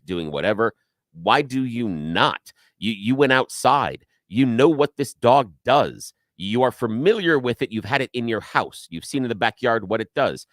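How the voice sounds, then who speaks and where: A man co-hosting a radio talk show, telling a rant-filled story in an animated way and acting out the people in it. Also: fairly low pitch, no echo, studio quality. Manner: animated storyteller, acts out shouting quotes. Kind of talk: casual talk radio chat.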